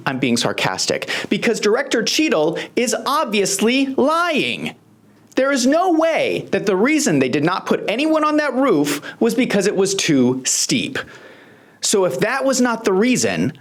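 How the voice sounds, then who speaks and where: Host for scripted commentary: indignant, sarcastic, big pitch swings.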